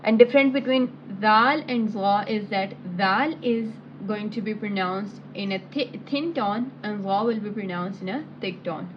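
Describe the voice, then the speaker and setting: A woman teacher talks through a lesson at an unhurried, deliberate pace, explaining sounds and then sounding each syllable out aloud. Her voice sits at an ordinary pitch. The audio is muffled and lo-fi, with a faint hiss underneath. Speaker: Quran recitation teacher. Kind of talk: slow step-by-step lesson with recited syllables.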